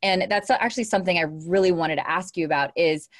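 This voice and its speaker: A woman hosting a podcast, her voice pitched a little low. She talks enthusiastically, affirming her guest and winding her way through long questions. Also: fast talker. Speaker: podcast host. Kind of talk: interview conversation.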